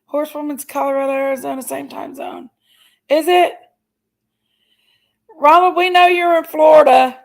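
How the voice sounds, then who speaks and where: A middle-aged woman hosts a livestream, chatting casually and reading out viewers' comments. Her voice is high and steady, the recording rough, and her manner chatty and playful with drawn-out exclamations.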